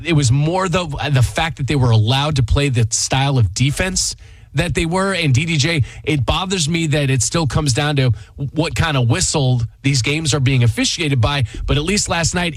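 A man's voice: fairly high pitch, no room sound, distant mic. Upbeat sports radio host, man. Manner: animated, opinionated, quick banter.

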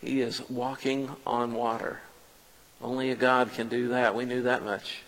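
A man preaching a sermon as a first-person dramatic story, animated and swinging between loud passages and hushed ones. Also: mid-range voice, unhurried. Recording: long reverb of a large hall.

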